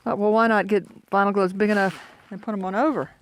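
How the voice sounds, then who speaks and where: Fast-talking with a high, steady, fairly bright voice, this older man from Florida vlogs casually while hiking a foggy mountain trail. He rambles and pokes fun at himself, recorded outdoors on a handheld phone camera with faint background noise.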